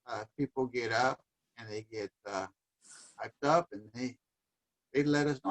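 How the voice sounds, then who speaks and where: A man talks through ideas in a relaxed, reflective way, now and then reaching for a Spanish word. His voice sits in an ordinary middle pitch. He comes across as an easygoing guest speaking on a livestream. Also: a little slow, poor audio. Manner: reflective, sprinkles in Spanish words. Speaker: guest musician and dancer. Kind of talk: casual conversation. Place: home livestream.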